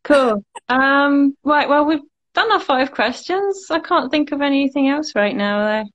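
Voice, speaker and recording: Relaxed woman, slightly high voice. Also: unhurried, dull audio. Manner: relaxed, brief replies. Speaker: host artist. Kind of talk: casual chat on a livestream. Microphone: phone on a live video call.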